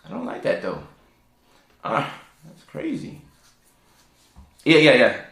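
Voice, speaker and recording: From a room at home, a man hosts a casual live stream, reading viewer questions and explaining neurodivergence with many fillers and repeated words. He speaks slowly in a creaky, slightly bright voice whose pitch swoops wildly, and the sound is reverberant. He calls his own voice sultry and low.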